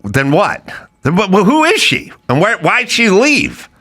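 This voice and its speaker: A man's voice: high-pitched, huge pitch swings, a little slow, pushed and bright. A middle-aged man hosting a podcast, telling a comic story in an incredulous rant, now and then mimicking the people in it. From Los Angeles. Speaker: podcast host.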